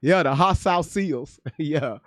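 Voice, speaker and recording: A man's voice: fairly high pitch, slow, no echo, studio quality. A man hosting a casual livestream, joking and cursing as he reads viewers' chat aloud. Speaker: livestream host reacting to news.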